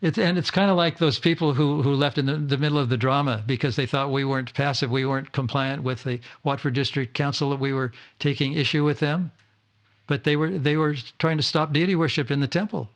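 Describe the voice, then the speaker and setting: An older spiritual teacher gives an informal talk to his disciples at a home gathering, frequently stumbling, repeating words and restarting sentences. His mid-range voice is fairly quick with fairly even intonation.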